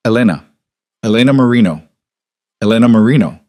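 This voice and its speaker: A man's voice: medium pitch, animated, moderate pace, no echo, clean studio sound, lightly acted. A man voicing a frightened young waitress who stammers through her apologies. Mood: flustered.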